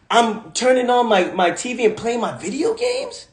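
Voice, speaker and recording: Over a phone livestream in an echoey room, a Bronx-born motivational coach hammers home his points with repetition and slang. He speaks at a moderate pace in an extremely high, sing-song voice.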